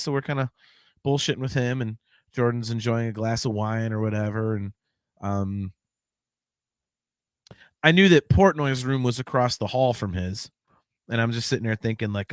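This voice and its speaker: Podcast guy rambling excitedly thru a story, cusses a lot, dry close sound. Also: mid-range voice, moderate pace, dry recording. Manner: rambling, excited, swears casually. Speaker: podcast host. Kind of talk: casual storytelling chat.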